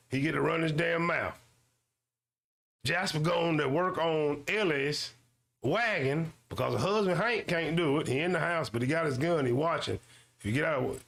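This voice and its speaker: Gravelly, swaggering ranting man host. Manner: loud swearing rant with slang and repetition; mocking high-pitched voices for others. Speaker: YouTube show host. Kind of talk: ranting commentary monologue.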